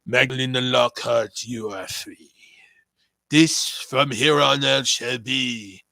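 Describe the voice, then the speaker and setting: A man voicing a masked female wrestler with an ominous whisper that grows into a slow, grandiose declaration. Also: fairly even intonation, gravelly, no echo, heavily acted. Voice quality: hushed whisper turning into slow booming declaration.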